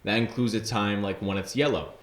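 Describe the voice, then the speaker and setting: Teasing low-voiced man in a roomy space. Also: brisk. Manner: teasing, deadpan needling. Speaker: podcast co-host. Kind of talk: casual chat. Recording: roomy echo.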